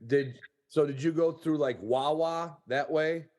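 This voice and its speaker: A man's voice: a little high, unhurried, a little mellow. A man hosting a hunting podcast, telling a long folksy anecdote in casual chat over a video call. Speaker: podcast host.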